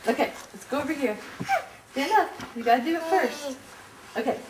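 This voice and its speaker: High, lively mother cooing at a toddler. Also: normal speed. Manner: cooing baby talk, laughing and teary. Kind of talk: home video, coaxing a toddler. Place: living room at home. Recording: echoey room with background noise.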